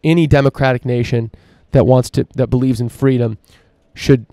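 A man's voice: medium pitch, steady tone, moderate pace, dark tone, no room sound. A man hosting a solo opinion podcast, ranting emphatically and swearing freely. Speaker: podcast host.

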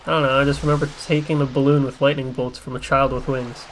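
A man giving casual, crude gameplay commentary, joking and swearing and breaking into excited outbursts. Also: mid-range voice, fast talker, slight background noise. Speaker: let's play gamer. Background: faint game soundtrack music.

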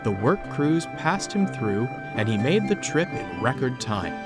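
A man narrating a children's story in an expressive storytelling manner. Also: mid-range voice, measured pace, loud music behind the voice.

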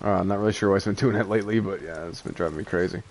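A young man giving casual gameplay commentary, excitable and quick to rant when things go wrong. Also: sits low, a little hiss or hum. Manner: excitable, frequent exclamations, frustrated rants. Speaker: gaming YouTuber.

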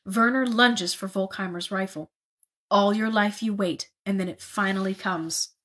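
Brief: woman narrator reading a book aloud, husky and breathy, mid pitch. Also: measured pace, a bit bright. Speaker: reader.

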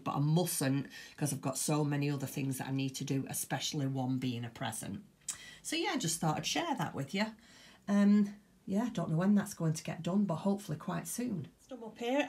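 A woman's voice: deep voice, husky. A woman chatting casually in her home craft room, showing off her crafts and gushing enthusiastically over new fabrics and yarn. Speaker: crafting vlogger. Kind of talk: casual chat.

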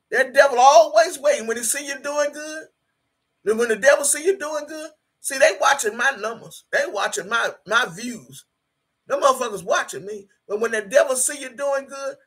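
A woman in her sixties with a bright, sharp, husky voice on a livestream. She reads out viewer comments and preaches with fervor, driving her phrases home by repeating them. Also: medium pitch. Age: 60s. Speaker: livestreaming YouTuber. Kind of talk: emotional livestream chat reading viewer comments.

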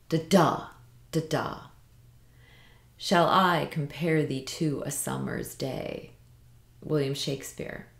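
A woman teaching how to write poetry in meter, speaking in a measured way and slowing down to stress the syllables of the lines she reads aloud. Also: sits low, creaky, darkish tone, roomy sound. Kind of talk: instructional lesson reading poems aloud.

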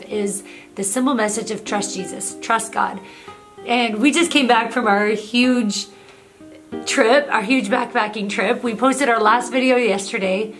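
A woman, the host's mother, giving an earnest, heartfelt casual faith testimony to the camera. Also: fairly high pitch. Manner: earnest, heartfelt, drops soft when quoting inner comfort. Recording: music playing clearly behind.

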